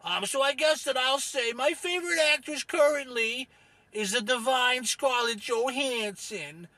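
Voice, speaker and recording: A man's voice: very high voice, a little slow, pushed and bright, no room sound, pitched above the performer's own voice, full character voice. A man doing a rambling, dim-witted dad. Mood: confused, eager. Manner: rambling, confused, eager. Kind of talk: improvised comedy character.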